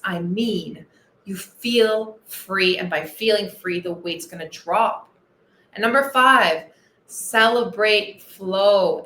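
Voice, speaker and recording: A woman's voice: mid-range voice, pushed and bright, roomy sound. A woman weight-loss coach hosting a motivational podcast monologue, enthusiastic and earnest, repeating her key phrases.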